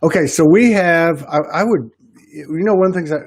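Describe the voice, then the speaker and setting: A man's voice: fairly high pitch, fairly quick, slightly rough, no room sound. A man with a Southern US accent hosting a casual podcast chat, rambling with many restarts. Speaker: podcast host.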